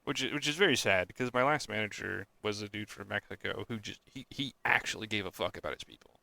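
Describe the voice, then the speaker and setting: A man's voice: on the low side, quick pace, creaky, pushed and bright, dry recording. A young man co-hosting a podcast, chatting casually and ranting with frequent swearing and exasperated outbursts. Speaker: podcast co-host. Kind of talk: casual chat.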